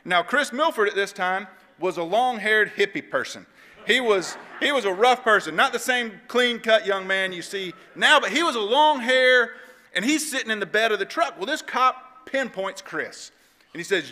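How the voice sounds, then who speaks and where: A man gives a devotional talk in a church auditorium and tells his story in a lively, conversational way. His voice is slightly high and very bright. A long reverb trails each phrase. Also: normal speed. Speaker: church speaker giving a devotional.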